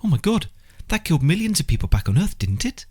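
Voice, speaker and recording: A man's voice: medium pitch, sing-song, fast, darkish tone, slightly rough, pitched above the performer's own voice. A man reading an audiobook, voicing a nervous young woman who works in public relations, talking in an eager, anxious rush. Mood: aghast.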